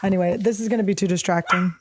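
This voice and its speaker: A woman hosting a comedy podcast alone, telling crude, animated, self-mocking stories in a casual monologue. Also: medium pitch, very fast, slight background noise. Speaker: podcast host.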